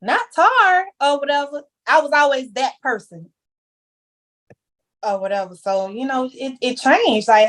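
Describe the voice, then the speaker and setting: A young woman talking candidly as a podcast guest, telling her story with heavy slang and emphasis. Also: mid-range voice. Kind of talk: casual chat.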